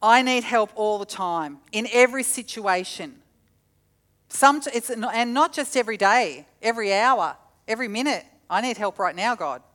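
A woman preaching a sermon in a slightly high voice. She tells stories with animated energy and acts out the lines she quotes. She sounds middle-aged.

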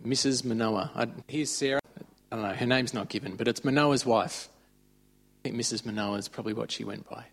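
A man's voice: mid-range voice, brisk, vocal fry. A man giving an informal, conversational sermon. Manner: conversational, chatty retelling of stories. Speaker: preacher.

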